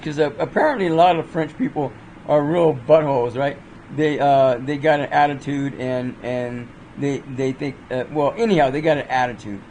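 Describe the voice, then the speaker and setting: A man with a fairly high voice chats through movie reviews in a loose, rambling way. He trips over his words, restarts sentences and fills gaps with lots of fillers. Faint ambient noise sits behind him. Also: darkish tone, poor audio. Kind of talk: casual spoken movie review.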